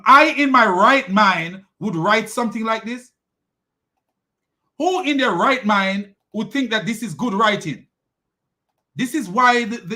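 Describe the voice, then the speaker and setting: A man with a high voice hosts a commentary and mocks as he goes. His tone is bright and pointed. He laughs often and trips over restarts. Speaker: host. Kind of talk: critical commentary.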